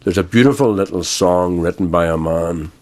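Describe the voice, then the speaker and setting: Deep-voiced older Irish man. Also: darkish tone. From Ireland. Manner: measured, grave, with frequent pauses and fillers. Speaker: guest. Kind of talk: radio interview.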